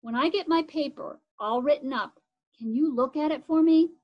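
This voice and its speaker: A woman reads as a gruff schoolboy unsure of his writing skills, talking plainly and a touch sheepishly. The voice sits fairly high. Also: moderate pace, dull audio, close to an everyday voice. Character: boy who struggles with writing, a bit gruff.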